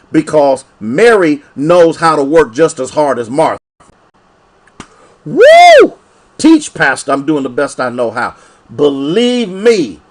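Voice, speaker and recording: A man from Ohio preaching a sermon as pastor, with animated, repetitive call-and-response phrasing. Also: on the high side.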